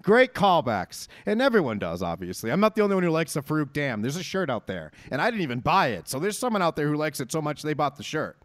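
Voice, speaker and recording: A man's voice: a little high, big pitch swings, fast talker, hardly any pauses, a bit bright, no room sound. A man hosting a podcast in casual chat, riffing with a profane, mock-hyped manner. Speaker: podcast host.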